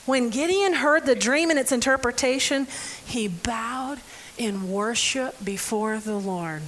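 A woman preaching a sermon, reading scripture and joking with her audience in an animated, playful way. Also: a little high, a little slow. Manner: animated and playful, laughs often; involves audience members.

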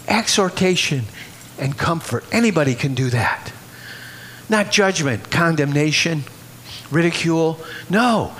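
Exuberant high-voiced male preacher. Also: fairly bright tone. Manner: exuberant, repetitive, laughing between phrases. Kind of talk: sermon.

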